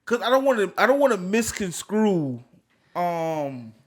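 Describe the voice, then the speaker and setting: Young male co-host, relaxed banter, lively pitch, slightly high voice. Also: a little slow. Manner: animated, laughs and breaks into loud bits. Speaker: podcast co-host. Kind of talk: casual chat.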